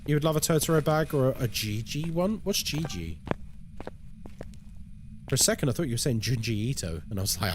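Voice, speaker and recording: A man's voice: on the high side, sing-song, a little fast, noisy background. A man giving live commentary on a horror game as a streamer, chatting with viewers and reacting aloud to what happens. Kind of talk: live gameplay commentary and chat.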